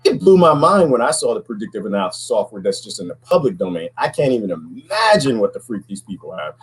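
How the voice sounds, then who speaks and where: A middle-aged man talking casually to viewers, folksy and animated, full of rhetorical questions. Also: on the low side, fast, slightly rough, rough recording. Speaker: podcast host.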